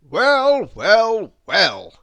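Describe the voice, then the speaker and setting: A man's voice: high voice, wildly swooping pitch, extremely slow, vocal fry, bright, forceful tone, voice pushed up, exaggerated voice. A man reading a storybook aloud, voicing a cheery, fussy male blackbird in a bouncy, emphatic way. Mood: cheery scolding.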